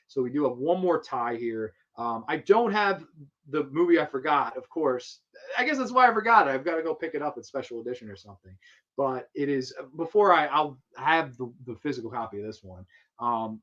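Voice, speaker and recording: A man's voice: medium pitch, a bit bright, dull audio. A man hosting a casual film talk show, talking with enthusiasm and rambling with fillers and restarts.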